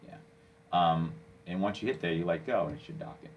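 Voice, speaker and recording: Deep-voiced man teaching software. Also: fairly quick, muffled recording, very noisy. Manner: plain, step-by-step, coaching with "okay?". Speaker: software instructor. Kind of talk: screen-recorded software tutorial.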